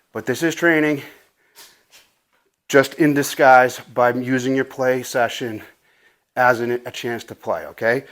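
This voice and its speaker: In his home garage, a dog trainer with a mid-range, fairly bright voice gives casual instructions. He's loose and a little profane, winded from play, and says "right?" a lot.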